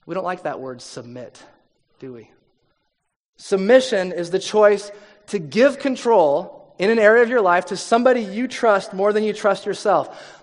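A man's voice: high-pitched, big-room sound. A man preaching a sermon, chatting with his listeners, asking them questions and acting out the people he quotes. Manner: conversational, asks the audience questions; acts out quoted people in voices. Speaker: pastor.

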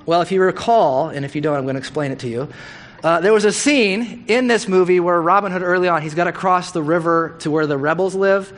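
Animated middle-aged man preaching. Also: fairly high pitch. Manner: casual, animated storytelling with acted-out quotes. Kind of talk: sermon storytelling.

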